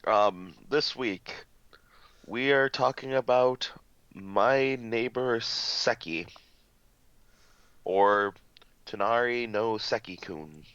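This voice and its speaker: A man's voice: mid-range voice, drawn-out words, long pauses, a bit bright, smooth, dry recording, highs cut off. A man co-hosting a casual podcast chat, laughing easily and talking through hesitant restarts. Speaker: podcast co-host.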